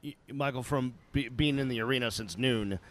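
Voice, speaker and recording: A man's voice: mid-range voice, brisk, fairly bright tone. A man co-hosting a radio show, easygoing and admiring in his questions. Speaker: co-host. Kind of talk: casual radio chat.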